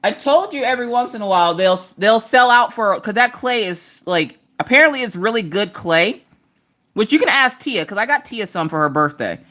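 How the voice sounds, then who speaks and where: A woman's voice: fairly high pitch, animated, moderate pace, a bit bright. A woman hosting a casual crafting livestream, chatting and telling stories with frequent laughter. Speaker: livestream host.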